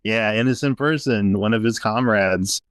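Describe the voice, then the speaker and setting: A podcast guest reflecting earnestly on a heart-wrenching scene in casual chat. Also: male voice, on the low side, normal speed, clean tone, dry recording, clean studio sound.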